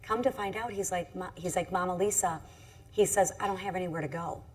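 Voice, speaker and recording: Woman, middle-aged politician, lowish voice, earnest halting storyteller at a panel event. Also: slightly rough. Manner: earnest, halting, many restarts. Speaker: congresswoman on a panel. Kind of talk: personal story at a panel discussion. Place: event stage.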